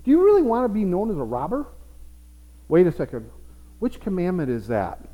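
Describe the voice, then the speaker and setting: Animated preacher in an echoing hall. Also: male voice, sits high, a little fast, dull audio. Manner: animated preaching with playful asides. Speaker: pastor. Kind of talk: sermon. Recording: reverberant hall.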